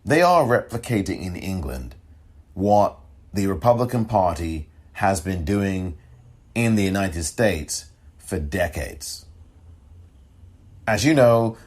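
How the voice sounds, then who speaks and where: A male podcast host delivering solo political commentary in a slow, deliberate, indignant manner. His voice is very low and husky, and he leans hard on key words. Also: very animated.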